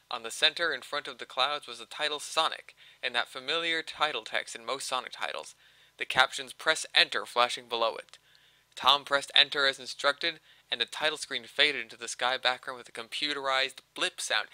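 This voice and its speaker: A man reading a fan story aloud to friends on a voice call in an animated, quick way, with joking asides. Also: mid-range voice, clean tone, dry recording, poor audio. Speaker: story reader.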